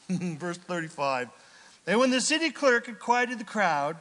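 Male pastor, high voice, folksy animated preaching, long hall reverb. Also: takes it slowly. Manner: folksy, animated preaching with sudden loud bursts. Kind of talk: sermon.

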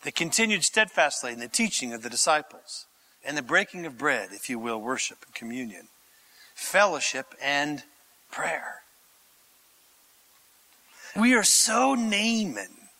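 Man preaching a sermon, high lively voice, slow and dramatic. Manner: animated, theatrical, conversational preaching. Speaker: pastor.

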